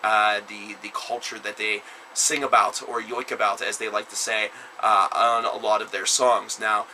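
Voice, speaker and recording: Male reviewer, very bright and forceful tone, rambling, filler-heavy, breaks into loud emphatic bursts. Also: lowish voice, level tone, moderate pace, a little hiss or hum, poor audio. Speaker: album reviewer. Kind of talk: casual spoken review.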